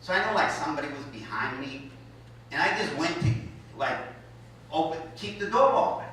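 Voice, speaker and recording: A man's voice: a little high, very animated, fairly quick, a bit bright, a little hiss or hum. A man doing a stand-up comedy set, telling a story in a blunt, profane, self-mocking way. He speaks into an echoey college hall in front of a live audience. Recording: echoey hall, mic heard from a distance.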